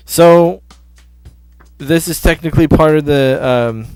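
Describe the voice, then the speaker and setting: A man's voice: a little high, takes it slowly, long pauses, a little mellow, clean tone. A man giving casual, offhand commentary on a video game demo, often correcting himself mid-sentence. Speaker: gameplay commentator. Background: faint game music.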